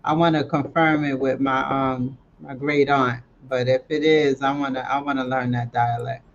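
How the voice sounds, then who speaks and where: A man's voice: medium pitch, level tone, normal speed, muffled recording, a little hiss or hum. A man chatting casually as a livestream co-host, with a giggly manner. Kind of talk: casual chat.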